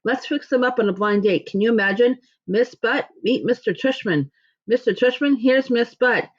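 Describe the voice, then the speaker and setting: A woman's voice: fairly high pitch, normal speed, pitched above the performer's own voice, close to an everyday voice. A woman voicing a jokey storybook dad. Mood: joking. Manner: jokey, upbeat. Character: joking, playful father, middle-aged. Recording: dull lo-fi recording.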